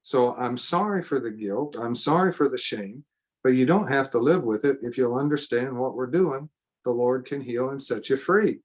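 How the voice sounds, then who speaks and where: A man's voice: medium pitch, moderate pace, a little mellow. A man teaching a seminar in a sermon style, earnest and emphatic, repeating phrases for stress. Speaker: seminar speaker.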